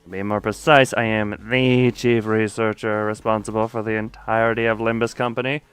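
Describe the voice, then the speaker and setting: A man streamer voicing a tired, nerdy male chief researcher from a game, in a low, dry, understated voice. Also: flat delivery, moderate pace, a bit bright, smooth, no room sound, faint music behind, close to an everyday voice. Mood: deadpan.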